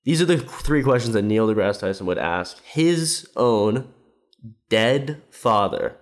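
A man's voice: lowish voice, expressive, takes it slowly. A man ranting in casual commentary, sarcastic and rambling with many fillers, mocking what others said. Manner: mimics quoted speech with raised voice.

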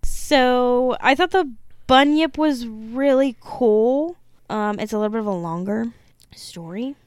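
Giggly young woman with a smooth voice. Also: on the high side, a little slow, no room sound, studio quality. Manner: giggly, swears, teasing. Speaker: podcast co-host. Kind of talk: casual podcast chat and reading aloud.

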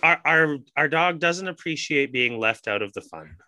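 A man's voice: a little high, animated, moderate pace, bright, forceful tone, no room sound. A man hosting a podcast in casual chat, telling rambling stories with a lot of swearing. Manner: swears often, ranting storyteller. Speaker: podcast host.

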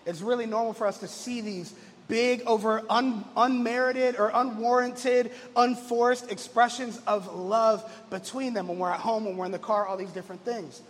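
Male pastor, 30s, high-pitched, casual storyteller; reverberant hall with faint music. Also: steady tone, moderate pace. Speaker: lead pastor. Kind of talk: conversational sermon. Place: church.

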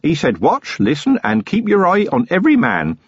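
A man's voice: on the high side, huge pitch swings, normal speed, slightly rough, no echo, pitched above the performer's own voice, heavily acted. A man reading a novel aloud, voicing an earnest young village constable who is eager, deferential and boyish. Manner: eager and deferential, lots of "sir". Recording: dull lo-fi audiobook recording.

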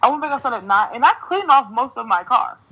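A young woman from New Jersey, a podcast host telling a story in casual chat, swearing freely and ranting in an animated way, laughing often. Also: fairly high pitch, fast talker, husky, rough recording.

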